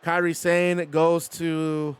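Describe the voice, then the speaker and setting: A man's voice: on the high side, level tone, slow, clean tone. A man streaming a wrestling video game, giving play-by-play commentary and chatting with viewers in between.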